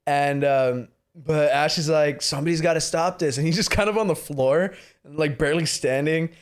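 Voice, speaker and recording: Profane animated young man ranting. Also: normal speed, smooth. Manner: profane, animated, mimics characters in high voices. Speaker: podcast co-host. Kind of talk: casual movie review chat.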